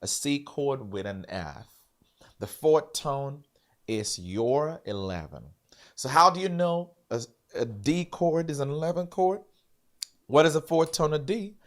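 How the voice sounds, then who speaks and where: A man's voice: on the high side, lively intonation, measured pace. A man teaching a live-streamed piano lesson, repeating points and quizzing his viewers.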